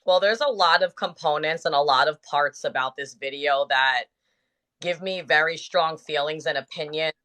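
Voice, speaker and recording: A woman podcast co-host gives firm, emphatic opinions in relaxed slang. Her voice is bright and clear. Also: low-pitched, normal speed. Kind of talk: casual podcast chat.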